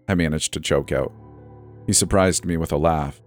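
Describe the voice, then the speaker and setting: A man's voice: a bass voice, normal speed. A man narrating a first-person horror story in a tense, storytelling delivery. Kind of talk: scripted narration. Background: faint background music.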